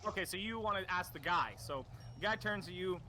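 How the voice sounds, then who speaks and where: A man's voice: sits high, fast talker, a loud crowd. A man running a tabletop game as dungeon master, talking loosely with lots of restarts. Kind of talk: casual tabletop game narration.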